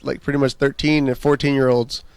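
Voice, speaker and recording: A man's voice: mid-range voice, level tone, a little fast, a little mellow, smooth, dry recording. A man chatting casually as a podcast guest, telling stories in a laid-back way and chuckling often.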